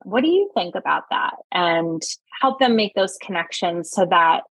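A woman speaking as a guest on a podcast, chatting casually as a speech-language pathologist and acting out little quotes with sudden jumps in pitch. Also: expressive, moderate pace, fairly bright tone, husky, dry recording, poor audio.

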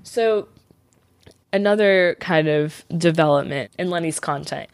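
A woman's voice: sits low, unhurried, dry recording. A woman co-hosting a casual chat show, telling a story and laughing often as she talks. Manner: giggly, laughs often mid-sentence. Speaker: podcast co-host telling the story.

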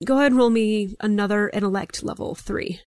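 A woman's voice: medium pitch, a little fast, darkish tone, no room sound. Dry-voiced woman running a tabletop game. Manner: descriptive, hedging with "like" and "kind of". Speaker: game master.

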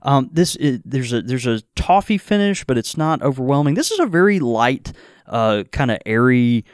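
A man's voice: mid-range voice, very animated, normal speed, clear, resonant tone, dry recording, studio quality. A man hosting a casual whiskey tasting chat, rambling with many fillers and restarts. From American South. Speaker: podcast host.

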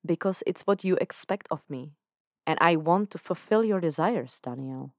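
A woman voicing a suave, seductive male devil, speaking in a smooth, coaxing, intimate way. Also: on the low side, expressive, normal speed, darkish tone, dry recording, studio quality.

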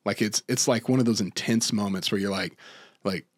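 A man co-hosting a podcast, chatting casually about movies, rambling with lots of restarts and fillers and getting excited as he goes. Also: lowish voice, normal speed. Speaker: podcast co-host.

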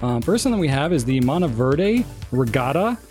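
A man with a mid-pitched voice co-hosts a relaxed chat show. He reads viewer comments aloud in a joking, self-deprecating way and laughs often. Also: moderate pace, faint music behind. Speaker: co-host.

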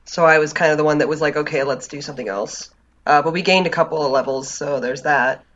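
A podcast co-host recapping their week in a relaxed, dry way with many fillers. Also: medium pitch, quick pace, highs cut off. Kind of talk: casual chat.

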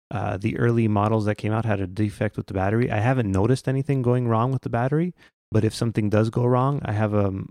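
Podcast co-host, man, low and gravelly, relaxed chatty delivery. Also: no echo, studio quality. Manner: chatty, frequent ums and restarts. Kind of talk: casual tech chat.

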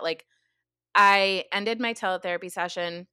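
Animated woman therapist telling a story, lots of "like", bright forceful voice, dry close sound. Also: fairly low pitch, measured pace, clear, resonant tone, no echo. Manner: animated, heavy use of "like", swears. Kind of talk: casual storytelling chat.

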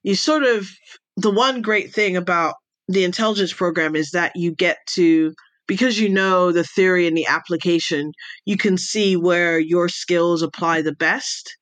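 A woman's voice: on the low side, a little slow, fairly bright tone, no room sound. A woman guest, an intelligence advisor, answering interview questions thoughtfully and explaining step by step.

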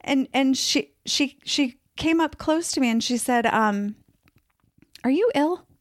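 This woman's voice is high-pitched and slightly slow, recorded at studio quality without echo. She tells her own story in a relaxed podcast interview, talking chattily with lots of fillers and occasionally performing others' quoted words.

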